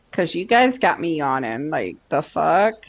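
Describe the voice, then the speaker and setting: A woman game streamer chatting casually and teasing her viewers and pets while she plays. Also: deep voice. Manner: playful, teasing, drawn-out. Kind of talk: casual chat while gaming.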